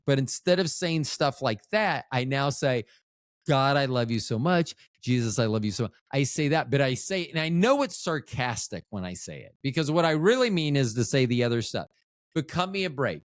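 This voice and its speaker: A man's voice: medium pitch, no room sound, studio quality. A middle-aged man recovering from a stroke, hosting a podcast in a rambling, profane, self-interrupting monologue that often loses its thread. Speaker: podcast host.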